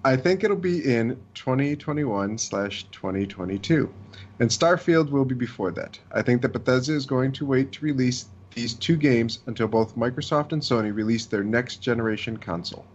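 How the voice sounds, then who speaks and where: A man co-hosting a podcast, reading a listener email and chatting in a measured way. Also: medium pitch, slight background noise. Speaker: podcast co-host. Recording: dull lo-fi sound.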